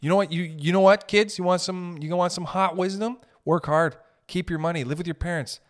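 A man's voice: high-pitched, fairly even intonation, brisk. A young man hosting a podcast, ranting casually with profanity and jokey asides. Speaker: podcast host. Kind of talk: casual comedic podcast rant.

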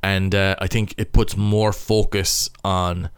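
A man's voice: sits low, flat delivery, slow pace, clear, resonant tone, dry recording, studio quality. A young Irish man, a rugby player, casually breaking down match footage, thinking aloud in stop-start phrases.

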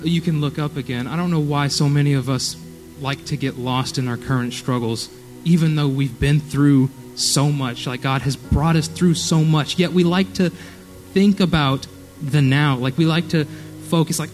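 A man's voice: fairly high pitch, normal speed, a little mellow, soft background music, rough recording. Earnest young man preaching a youth sermon. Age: young adult. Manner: earnest, conversational, frequent "okay?" check-ins. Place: church youth service.

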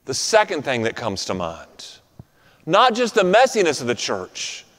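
A pastor with a fairly high voice preaches a sermon, building his points through rhythmic repetition and slowing down to land key phrases. A long reverb follows his voice, like the sound of a large sanctuary.

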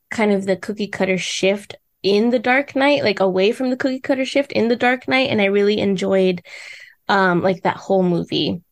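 A woman's voice: medium pitch, dry recording, clean studio sound. A woman hosting a podcast, chatting casually with lots of filler words and giggles. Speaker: podcast host. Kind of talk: casual chat.

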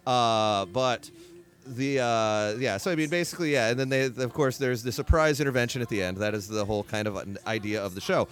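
A man's voice: medium pitch, steady tone, a little fast. A man hosting a podcast, chatting casually in a bar and rambling with lots of fillers. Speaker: podcast host. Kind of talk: casual bar-room chat. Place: bar, indoors.

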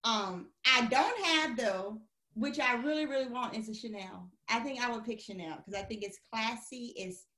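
A woman co-hosting a podcast, chatting casually and animatedly with quick restarts. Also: fairly high pitch, pushed and bright, echoey room. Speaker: podcast co-host. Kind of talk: casual chat.

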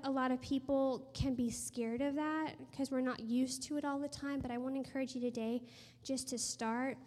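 A high-pitched woman in her thirties preaches with earnest storytelling. She sometimes drops to a hushed voice for emphasis. Her voice rings with the long reverb of a hall. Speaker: speaker sharing a testimony. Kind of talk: sermon testimony and prayer. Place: room with a gathered audience.

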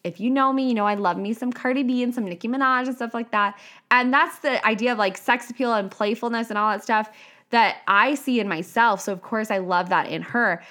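Woman, casual vlog monologue, animated, profane, playful impressions. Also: on the high side, brisk. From half Italian. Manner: animated, profane, bursts into playful quoted voices. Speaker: author and coach.

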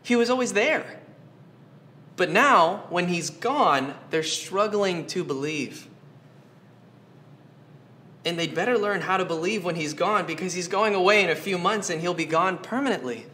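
With slight noise behind him, a pastor delivers a sermon in a high-pitched, bright and forceful voice, unhurried and pausing often. Earnest in tone, he keeps posing questions to the congregation and repeats phrases to drive points home.

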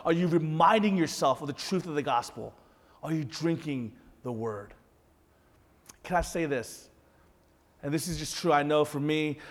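A man's voice: on the high side, big-room sound. A man in his thirties preaching a sermon as a pastor, talking conversationally and animatedly to his congregation. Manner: conversational, animated, addresses audience directly.

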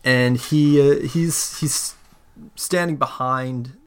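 A man narrating as game master of a tabletop role-playing game, in a relaxed, rambling way full of fillers. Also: mid-range voice, slow pace, clear, resonant tone. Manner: relaxed, filler-heavy narration with quoted voices.

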